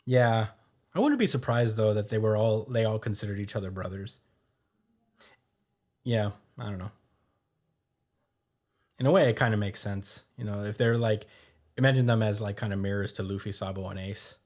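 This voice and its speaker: Host, male, low voice, casual recap, loose and rambling. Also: darkish tone. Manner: rambling, many fillers, quick laughs. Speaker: podcast host.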